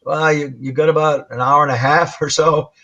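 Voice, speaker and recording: A man telling a paranormal case story as a guest on a live stream, animated and colorful. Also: fairly high pitch, normal speed. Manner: animated storyteller, imitates growls. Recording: muffled lo-fi stream audio.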